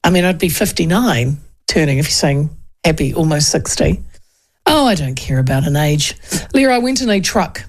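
Expressive and low-pitched, this fifty-something radio host with a New Zealand accent talks at a moderate pace. Her casual political commentary drifts loosely around polls, with plenty of rambling asides.

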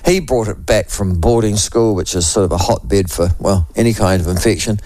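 A man in his sixties with a New Zealand accent, hosting a talk radio show with a voice hoarse from a cold, rambling and chatty with many restarts. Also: fairly low pitch, normal speed, a little mellow, slight background noise. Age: 60s. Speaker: radio host. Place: radio studio.

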